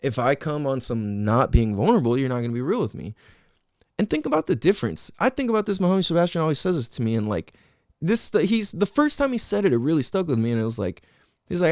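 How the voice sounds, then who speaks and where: A young man talks straight into a close mic on his solo podcast, his pitch leaping up and down as he gets worked up. He swears freely, leans on slang and acts out bits of conversation in other voices. The sound is dry, with almost no room around him. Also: brisk, no echo. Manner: animated, profane, slangy, acts out quotes of friends. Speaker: podcast host. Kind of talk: casual solo podcast monologue.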